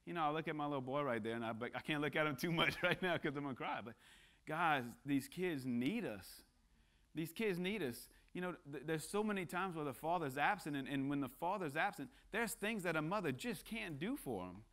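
A man's voice: on the high side, expressive, fast, few pauses, a bit bright. A man speaking as a guest at church, preaching a casual sermon that mixes jokes with earnest appeals and frequent restarts. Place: church sanctuary.

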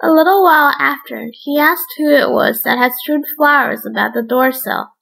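Woman narrator for a read-aloud fairy tale, high voice with some vocal fry. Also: a bit bright, rough recording. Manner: measured storybook reading. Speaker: storyteller. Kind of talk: read-aloud bedtime story.

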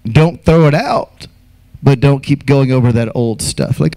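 Man, pastor, easter sermon, fairly high voice, emphatic preaching, playful asides. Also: animated, a little slow. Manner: emphatic preaching with acted asides and shouted quotes.

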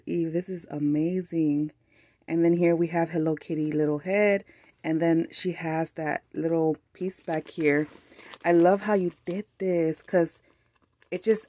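Woman, Mexican-American accent, slightly low voice, gushing and excited as she opens a craft package; dry room. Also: no echo. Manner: gushing, excited, frequent laughs. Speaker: craft channel host. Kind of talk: casual unboxing chat.

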